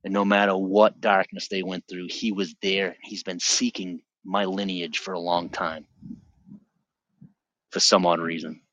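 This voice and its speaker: A middle-aged man sharing his personal religious testimony on a podcast, earnest and vivid, often halting and restarting his sentences. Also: sits low, level tone, a bit bright, dry recording, muffled recording.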